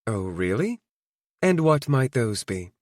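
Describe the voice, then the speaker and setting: A man's voice: mid-range voice, big pitch swings, slow pace, darkish tone, dry recording. A male audiobook narrator voicing a blunt, teasing young fiancée in a dry, close recording. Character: sharp-tongued young fiancée, woman.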